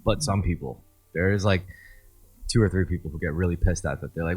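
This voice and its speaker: A man's voice: low voice, a little fast. A young man co-hosting a casual podcast chat, telling rambling stories and quoting other people animatedly. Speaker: podcast co-host.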